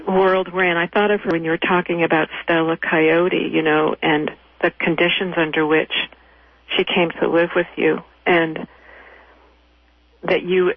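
Woman, reflective, halting, flat delivery, tinny phone-line audio. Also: on the low side, no echo. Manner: reflective, halting, searching for words. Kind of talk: conversational interview.

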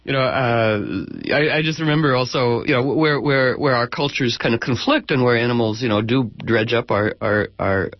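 A man hosting a casual chat who tells stories in a rambling, animated way. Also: medium pitch, normal speed, few pauses, no room sound, highs cut off.

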